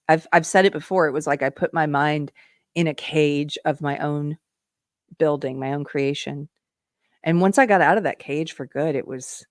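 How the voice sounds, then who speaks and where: Low-voiced woman hosting a live commentary stream. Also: no echo, clean studio sound. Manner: earnest, asks rhetorical questions to viewers; reads viewer comments aloud. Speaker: political commentary host.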